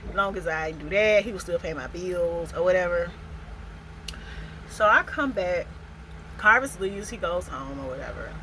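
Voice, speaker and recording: A woman vlogger telling a casual storytime in an animated, expressive way, laughing often. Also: fairly low pitch, moderate pace, long pauses, a little hiss or hum, poor audio.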